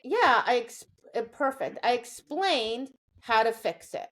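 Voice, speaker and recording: Woman dog trainer, podcast co-host, chatty explainer, slightly high voice. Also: lively intonation, measured pace, fairly bright tone. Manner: explanatory, keeps checking in with "right?". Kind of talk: casual podcast chat.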